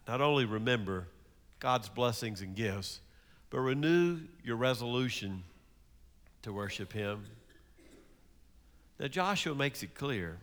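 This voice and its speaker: Storytelling pastor, booming then hushed. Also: male voice, lively intonation, measured pace, long pauses, in a large hall. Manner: storytelling, with big swings between loud and hushed. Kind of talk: sermon.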